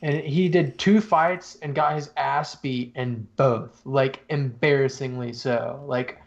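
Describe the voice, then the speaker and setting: A man's voice: mid-range voice, steady tone, slow pace, gravelly, dull audio. A man co-hosting a casual podcast, swearing often as he retells events with animation. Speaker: podcast co-host. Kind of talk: casual chat.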